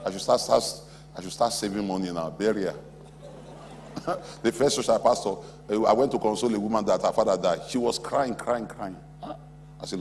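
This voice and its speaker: A man's voice: on the low side, a little fast, a little mellow, slight background noise. A male pastor preaching to a convention crowd, emphatic and repetitive, laughing between his stories. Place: large auditorium. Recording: long auditorium reverb, faint crowd ambience.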